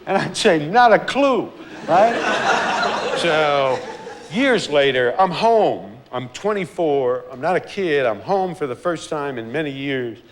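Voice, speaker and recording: An older man tells family stories with a lively, swooping voice, breaking into laughter as he goes. He slips into the voices of the people he quotes, and the talk stays loose and candid. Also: fairly high pitch, takes it slowly, slight background noise. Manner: animated anecdotes, laughing often, acting out quotes. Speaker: artist recalling his life. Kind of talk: candid documentary storytelling.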